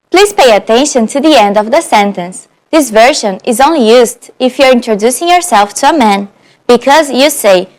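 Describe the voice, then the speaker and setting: A woman teaching beginner phrases in a high, light voice. She speaks clearly and patiently and slows down to model each sentence. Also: expressive. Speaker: language teacher. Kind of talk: on-camera language lesson.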